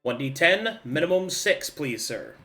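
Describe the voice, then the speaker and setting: Male game master, bright energetic voice, playful hype-man delivery over quiet music. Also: on the high side, measured pace. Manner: playful, hypes up the players. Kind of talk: running a tabletop game.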